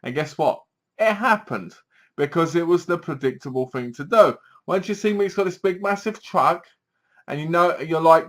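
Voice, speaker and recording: A man's voice: a little high, normal speed, a bit bright. A man giving a casual, rambling film review and retelling scenes in his own words. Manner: rambling and chatty, retells scenes with quoted lines. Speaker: movie reviewer.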